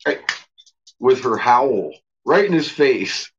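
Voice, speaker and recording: Brief: man with a dull-sounding phone recording, unhurried and amused, narrating his pets with plenty of swearing. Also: mid-range voice, big pitch swings, a little hiss or hum. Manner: amused, profane, voices his dogs' thoughts. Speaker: dog owner filming his pets. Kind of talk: casual commentary to camera. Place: house basement. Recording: dull lo-fi home video.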